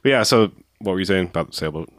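A man casually joking about a movie, often trailing off into low mumbles. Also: lively intonation, racing, no room sound, clean studio sound.

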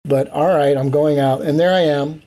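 A middle-aged or older man, a guest in an interview, telling lively anecdotes and acting out the voices he quotes. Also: a little high, moderate pace. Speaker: interview guest, event producer. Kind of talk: storytelling in casual interview.

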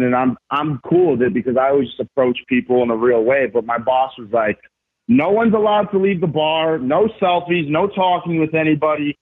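A man telling stories as a podcast guest, animated and emphatic, with slangy casual talk. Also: mid-range voice. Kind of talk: casual storytelling. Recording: tinny phone-like remote line.

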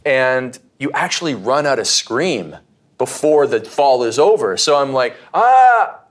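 A man's voice: medium pitch, measured pace. A man from the United States, a podcast guest, telling stories casually and acting out what people said, with many restarts. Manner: animated, repeats and restarts, acts out quotes. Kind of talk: casual interview storytelling.

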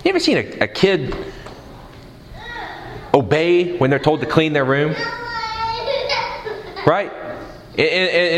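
A man's voice: a little high, slow pace, long pauses, in a large hall, slight background noise, rough recording. A man preaching a sermon in a conversational way, asking the crowd questions and mixing in humor.

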